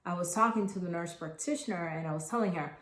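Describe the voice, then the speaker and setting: A woman in her thirties telling her own story to camera, earnest and halting, with many restarts. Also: on the low side. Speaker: mother sharing her postpartum story. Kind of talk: personal testimonial to camera. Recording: echoey room.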